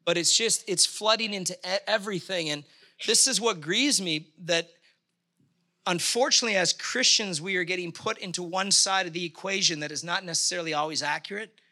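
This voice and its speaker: Male pastor, middle-aged, high and very bright voice; fervent sermon delivery with emphatic bursts. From Canada. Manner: impassioned, emphatic bursts, halting restarts.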